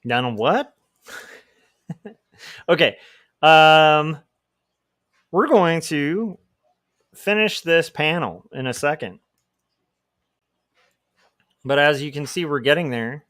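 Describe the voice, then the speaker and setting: A man's voice: a little high, slow pace, pauses often, a bit bright, no room sound, clean studio sound. A man hosting a livestream as a comic artist, chatting casually in a rambling, self-deprecating way.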